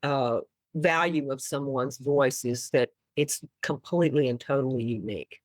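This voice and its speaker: A woman's voice: extremely low pitch, normal speed, dry recording. A woman from Austin with a Texan accent, a musician guest telling stories in a casual interview and acting out quotes. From Austin, Texas. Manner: animated storyteller who acts out quotes and laughs often.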